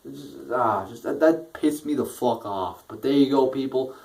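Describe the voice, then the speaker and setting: A man's voice: medium pitch, normal speed, darkish tone. Profane ranting young man. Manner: profane, frustrated ranting with frequent restarts. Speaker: wrestling show reviewer. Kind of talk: casual ranting review.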